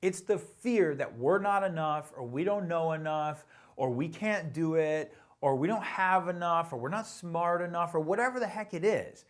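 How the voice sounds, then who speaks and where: A man giving an emphatic motivational talk as a sales coach, pushing listeners to act and swinging from hushed lines to punchy commands. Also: fairly high pitch, normal speed.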